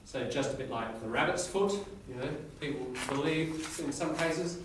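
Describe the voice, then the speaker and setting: A man's voice: on the high side, normal speed, noisy background. Male teacher, echoey classroom, far mic. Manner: explains in short phrases, checks in with the class. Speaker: English teacher. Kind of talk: classroom lecture with reading aloud.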